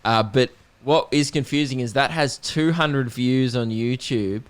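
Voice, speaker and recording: A man's voice: mid-range voice, unhurried, clean tone. A man co-hosting a podcast in casual chat, joking and laughing easily. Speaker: podcast co-host. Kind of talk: casual banter.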